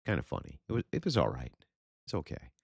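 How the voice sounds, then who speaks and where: A man's voice: very deep voice, huge pitch swings, quick pace, creaky, husky, no echo, studio quality. A man hosting a livestream and reading super chats in a blunt, profane, sarcastic way. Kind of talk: casual livestream chat.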